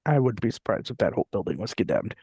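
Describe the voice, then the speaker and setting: A man's voice: fairly low pitch, lively intonation, fast talker, darkish tone, breathy edge, dry recording. A young man co-hosting a podcast in casual chat, joking and laughing often. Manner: laughs often, jokey, puts on silly voices for quotes. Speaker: podcast co-host.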